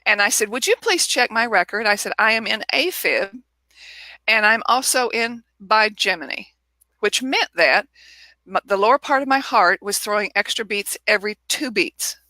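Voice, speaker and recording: Woman, animated storyteller, bright clear tone, dry close sound, video call. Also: mid-range voice, moderate pace, no room sound. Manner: animated storyteller who acts out quoted people. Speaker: author and guest. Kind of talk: casual interview storytelling.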